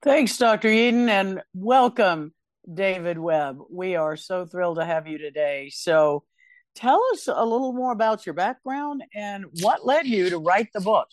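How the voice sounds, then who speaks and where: A high-voiced man hosts in an upbeat, welcoming way. The sound is dry and close, with no room echo at all. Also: lively intonation, unhurried. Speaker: host. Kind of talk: interview host.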